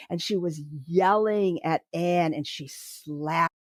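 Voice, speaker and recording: A woman's voice: on the low side, takes it slowly, hardly any pauses, darkish tone, no echo, studio quality. An older woman telling a personal childhood story in a reflective, hesitant way, with many fillers. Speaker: storyteller recounting her childhood.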